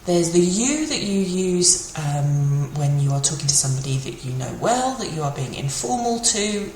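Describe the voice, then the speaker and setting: Woman, low-ish and animated, a chatty language teacher; roomy echo, slight background noise. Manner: chatty, with fillers, repeats example phrases slowly. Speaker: French teacher. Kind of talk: casual spoken language lesson. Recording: echoey room with faint ambient noise.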